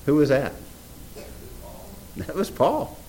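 A man's voice: a little high, takes it slowly, slight background noise, rough recording. A man preaching a sermon, reading scripture aloud and asking the audience questions. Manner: animated, reads scripture aloud in old English, asks the audience questions.

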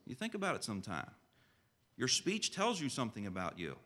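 A man delivers a sermon with a sharp, forceful edge to his voice. His talk stays conversational and full of direct questions to the congregation. When he reads scripture, he slows into solemn, measured phrasing. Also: mid-range voice, wildly swooping pitch. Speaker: preacher.

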